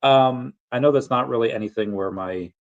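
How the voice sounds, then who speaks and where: A man's voice: mid-range voice, normal speed. Rambling man on a dull lo-fi stream. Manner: rambling, self-interrupting, chuckling. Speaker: streamer answering chat. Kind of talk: casual livestream chat.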